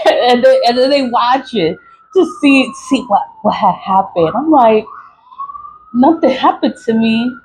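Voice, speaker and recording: A woman's voice: fairly high pitch, sing-song, a little slow, slight background noise, low-quality recording. A woman selling spiritual products who chats casually to camera, rambling, repeating herself and laughing between phrases.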